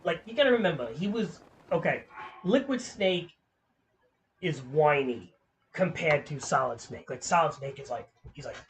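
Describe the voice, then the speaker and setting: A man's voice: high voice, a little hiss or hum. A man streaming a game, chatting in a casual, rambling way, swearing freely and filling with "like". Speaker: gaming streamer.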